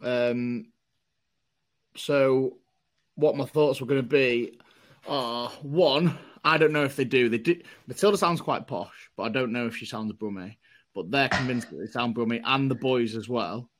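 A man's voice: medium pitch, unhurried. A man, co-hosting a casual podcast and telling self-mocking stories. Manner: chatty storyteller, self-mocking, puts on voices in anecdotes. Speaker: podcast co-host. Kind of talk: casual chat.

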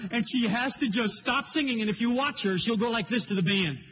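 A man's voice: extremely high pitch, a little fast, fairly bright tone, slight background noise. An older man preaching a sermon, telling a personal story in an earnest, emotional way. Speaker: pastor.

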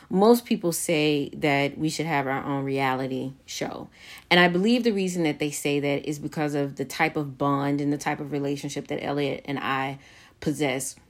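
A middle-aged woman hosting a casual podcast with her son, talking in a measured, reflective way with fillers and restarts. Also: deep voice. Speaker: podcast host.

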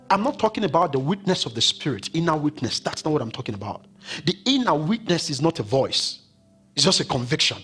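Husky-voiced preacher man, lively. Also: a little high. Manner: dramatic swings from loud preaching to hushed whispers. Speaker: pastor. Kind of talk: sermon. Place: church. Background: faint keyboard music.

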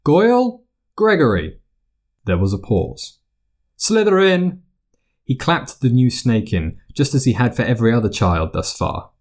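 A man narrating fiction aloud as an audiobook in an expressive storytelling manner. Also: lowish voice, normal speed, hardly any pauses.

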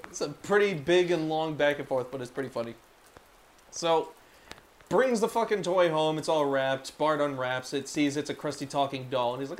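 A man casually recapping a cartoon episode on a podcast, profane and animated, slipping into voices. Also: on the high side, normal speed. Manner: profane, animated retelling with put-on quotes. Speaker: podcast co-host.

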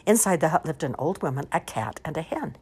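A woman reading storybooks aloud in an expressive, lively storytelling manner. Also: low-pitched, fairly quick, slightly rough. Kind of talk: animated storybook read-aloud.

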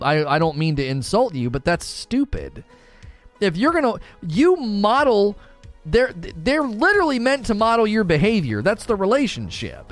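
A man in his thirties, a father, giving blunt opinions in casual chat while answering questions, often restarting his sentences. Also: on the high side.

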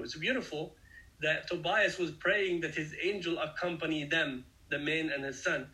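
Male Bible teacher, fairly high, bright, forceful tone; earnest and explanatory, talks to listeners directly. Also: fairly even intonation, moderate pace, low-quality recording. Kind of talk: conversational Bible study sermon.

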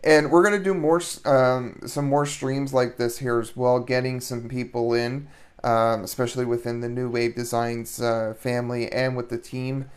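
A man hosting a live stream, talking haltingly with many ums and restarts as he thanks the chat. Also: mid-range voice, little pitch movement, clean tone. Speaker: stream host.

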